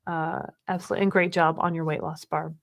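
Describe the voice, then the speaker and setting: A woman's voice: low-pitched, flat delivery, fast talker, creaky. A woman in her fifties co-hosting a live chat stream, reading viewer comments aloud, chatty and laughing often. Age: 50s. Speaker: co-host of a livestream.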